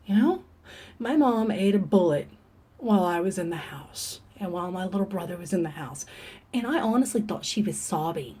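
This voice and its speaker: A woman talks to camera in a confessional vlog, her voice mellow and slightly husky. She is earnest and halting, often restarting her thoughts as she opens up. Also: lowish voice, animated. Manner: earnest, halting, openly emotional. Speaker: vlogger. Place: room in the dark.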